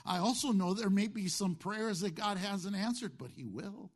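A man's voice: sits high, moderate pace, few pauses. A man preaching a sermon as pastor, firing questions at the congregation and answering them himself, with jokey asides.

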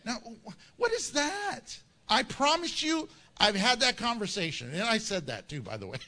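A male pastor delivers a lively sermon in a high, bright voice that leaps up and down. He is jokey and animated, and he acts out quoted voices. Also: a little slow.

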